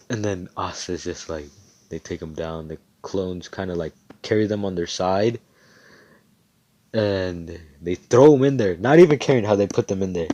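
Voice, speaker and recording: A young man with a deep voice rambles through a fan-made story in loose, casual talk. He swears freely and often loses his thread. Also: normal speed, warm tone, muffled recording.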